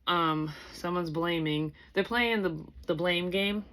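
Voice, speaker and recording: A young woman talks her way through a psychic reading in a low voice, circling back and restarting as she thinks aloud. She swears casually and never sounds scripted. A faint hiss of noise sits behind her. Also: slow pace, a bit bright. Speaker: psychic medium reader. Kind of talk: casual spoken tarot reading.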